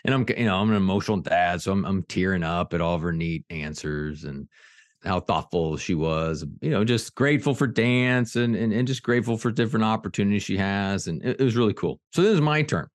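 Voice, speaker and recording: Middle-aged male podcast guest, low voice, fired-up and earnest, dry close mic. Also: brisk, no room sound. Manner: energetic, earnest, many restarts. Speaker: executive coach and author, guest. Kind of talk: podcast interview storytelling.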